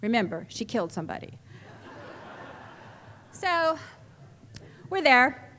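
Woman, middle-aged, fairly high voice, animated storytelling, long hall echo. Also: slow, a little hiss or hum. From California, USA. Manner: animated, chatty, laughs often, with restarts. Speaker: symposium speaker. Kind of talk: storytelling presentation to an audience. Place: large hall with a live audience. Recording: echoey hall reverb.

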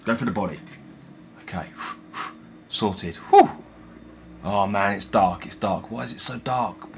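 Jumpy gamer swearing at shadows. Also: male voice, fairly low pitch, slow, creaky, pauses often, slight background noise. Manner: jumpy and excitable, swearing and talking to himself. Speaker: gaming video host. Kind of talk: let's play commentary.

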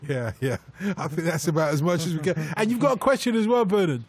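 A man's voice: fairly high pitch, sing-song, fast talker, breathy edge. Teasing male radio phone-in host. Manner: playful, teasing. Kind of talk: bantering radio talk.

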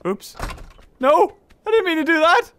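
A woman's voice: very high voice, expressive, a little slow, music in the background. A woman giving playful, teasing commentary while playing a video game, often laughing and squealing at the characters. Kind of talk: casual let's-play commentary.

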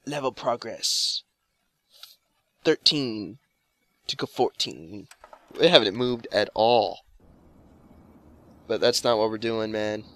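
A man's voice: lowish voice, slow, long pauses, fairly bright tone. A man casually commenting on gameplay, jokey and rambling with lots of swearing. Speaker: let's play host.

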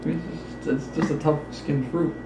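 A man telling stories in a casual chat, animated and joking. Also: on the high side, unhurried, reverberant, crowd noise. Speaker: husband on a vlog. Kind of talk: casual storytelling.

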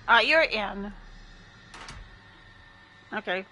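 A woman's voice: mid-range voice, a little slow, long pauses, pushed and bright, slight background noise. A woman streaming a game, chatting casually with her chat and laughing often.

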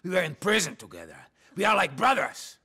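A volatile middle-aged mob boss. He talks with a bright, lively edge, muttering darkly one moment and barking the next. It plays like a tense video game cutscene. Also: high-pitched, fairly quick, husky, full character voice. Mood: brooding. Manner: menacing, swings from brooding mutters to shouting.

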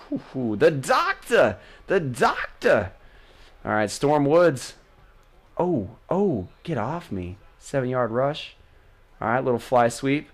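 Male gaming host, excitable play-by-play commentary with self-deprecating jokes. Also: mid-range voice. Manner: excitable, jokey, yells at big plays. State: losing his voice. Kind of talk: casual game commentary.

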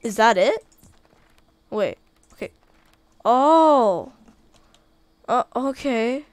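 A woman giving casual, chatty commentary while playing a video game, easily excited by what she finds. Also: a little high, drawn-out words, smooth, no room sound. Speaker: gaming video creator.

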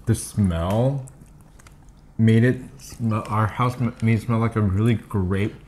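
A man's voice: on the low side, slow pace, a little mellow, slight background noise. A man co-hosting a casual eating video, chatting while he eats and filling his talk with "like" and "you know". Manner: rambling, full of "like" and "you know". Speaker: co-host.

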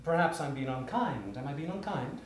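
A man's voice: on the high side, lively intonation, moderate pace, natural voice. An actor playing a cold, sarcastic middle-aged husband confronting his wife, with a clipped, formal and mocking delivery in a stage play. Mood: icy. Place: theater stage. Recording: roomy theater, faint noise.

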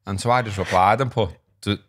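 A man's voice: lowish voice, fast, fairly bright tone, no echo, clean studio sound. A man in his forties with a Liverpool accent, co-hosting a podcast and telling stories in casual chat, often repeating his words. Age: 40s. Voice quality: chatty, repeats words, storytelling. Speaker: podcast co-host.

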